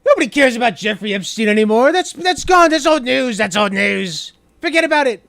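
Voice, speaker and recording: A man's voice: very high voice, animated, fairly quick, vocal fry, no echo, voice pushed up, exaggerated voice. A man putting on a mocking impression of a blustering older male politician who is dismissive and repeats himself. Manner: exaggerated, shouty, repeats himself. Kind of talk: mocking impression in a commentary video.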